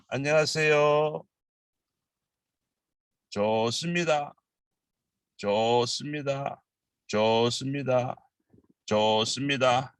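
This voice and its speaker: A man from Busan with a Korean accent teaching a language lesson, drilling phrases and explaining in halting English with many fillers. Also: mid-range voice, a bit bright, no echo, low-quality recording. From Busan, South Korea.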